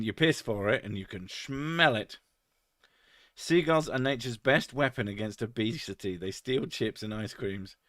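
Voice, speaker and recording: A man chats with his stream and swears freely, laughing at his own crude jokes. His voice sits at a middle pitch. It comes through a close mic in a dry room. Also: a bit bright, no room sound. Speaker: streamer reading chat. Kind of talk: casual live-stream chat.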